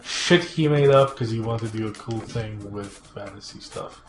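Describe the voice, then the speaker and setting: A man's voice: fairly low pitch, moderate pace. A man chatting casually while playing a game, dry and sarcastic, grumbling and swearing casually. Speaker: co-host of a retro gaming show. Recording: echoey room.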